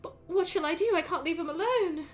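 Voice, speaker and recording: A woman voicing an aging high elf mother who is doting, fussy and prone to sighing. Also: fairly quick. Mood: pleading. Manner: sighing, fretful, prim politeness.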